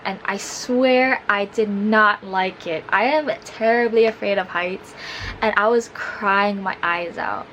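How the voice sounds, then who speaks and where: Woman, vlogger, casual storytelling, chatty, filler-heavy, slightly high voice. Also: slight background noise, poor audio.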